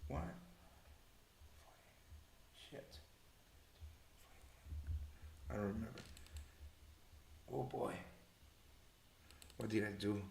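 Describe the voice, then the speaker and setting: Slow, musing man hosting a live trading show. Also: on the low side, gravelly, darkish tone, a little hiss or hum. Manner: thinks aloud, mutters numbers, swears casually. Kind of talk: casual live trading chat. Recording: echoey room.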